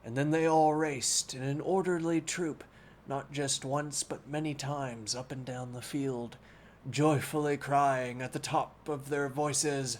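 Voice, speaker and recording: A man reading a classic novel aloud as a bedtime story on a live stream, unhurried and deliberate, with wry asides. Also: medium pitch, fairly even intonation, slight background noise.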